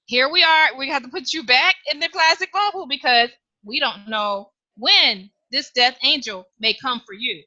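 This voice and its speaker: A woman voicing an anxious, protective mother who speaks firmly but gently to her child. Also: high-pitched, normal speed, few pauses, no echo, dull audio, exaggerated voice. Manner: firm, soothing.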